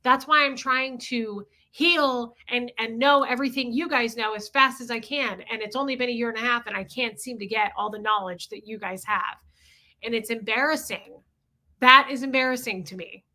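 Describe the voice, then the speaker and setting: Her voice is on the high side and steady, with a bright, forceful tone at normal speed. As a livestream host in her forties, she greets chat viewers while speaking frankly and confessionally, dropping casual curse words.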